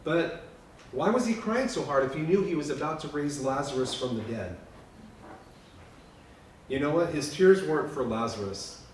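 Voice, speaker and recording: A man preaches a memorial sermon in a lodge hall, earnest and heartfelt. He swings from loud, pressing lines down to hushed ones. His voice booms around the echoey room, taken from a distance, with a faint hiss underneath. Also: expressive, normal speed, pauses often. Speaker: pastor.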